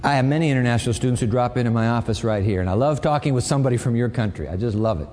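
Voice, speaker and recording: A man preaching a sermon on a campus, talking to students in a conversational way that swings from loud to quiet. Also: mid-range voice, rapid-fire, a little hiss or hum. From raised partly in Japan. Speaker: campus pastor. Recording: long hall reverb.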